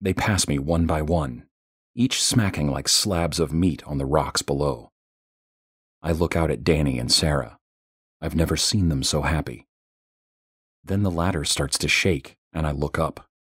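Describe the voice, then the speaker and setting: A man narrating a first-person horror story in a tense, measured way. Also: very deep voice, breathy edge, no echo, clean studio sound.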